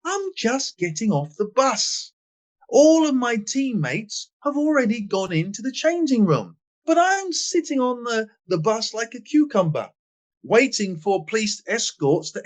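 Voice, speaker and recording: Older guy from england telling stories, kinda high-ish voice, punches words then drops quiet. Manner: emphatic, swings between loud stress and quiet asides. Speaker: guest, former footballer. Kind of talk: animated storytelling in a podcast interview.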